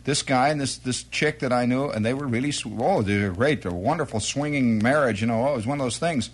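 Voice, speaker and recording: A middle-aged man telling a rambling comic monologue, jumping into quoted voices and exclamations. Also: fast. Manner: rambling, animated storytelling with sudden high-pitched quoted exclamations. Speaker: comedian.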